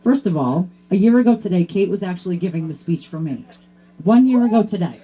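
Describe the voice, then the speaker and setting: A woman's voice: lowish voice, a little fast, breathy edge, highs cut off. A woman presenting a hall of fame award to her teammate in a heartfelt tribute speech, fighting back tears. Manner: grows loud and excited toward the end.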